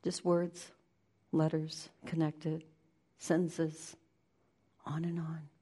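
A woman giving a spiritual talk, shifting between lively play-acting of inner voices and slow, hushed guidance. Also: deep voice, breathy edge. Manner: animated, acts out inner voices with laughter; slows into soft, hushed guidance. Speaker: spiritual teacher.

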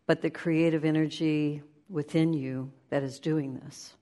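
Low voiced lady giving a spiritual talk, goes quiet and slow at times. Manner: animated, acts out inner voices with laughter; slows into soft, hushed guidance. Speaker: spiritual teacher.

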